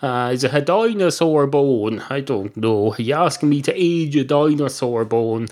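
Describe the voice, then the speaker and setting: A man's voice: medium pitch, animated, moderate pace, darkish tone, lightly acted. Man playing a testy blind man, indignant and rambling, comic monologue bit. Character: grumpy blind man, pedantic, irritable.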